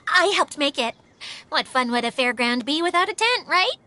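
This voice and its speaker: A woman voicing a touchy, boastful young girl in a video game, quick to take offense. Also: sits high, lively intonation, bright, forceful tone, no room sound. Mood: proud. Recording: game audio with music behind.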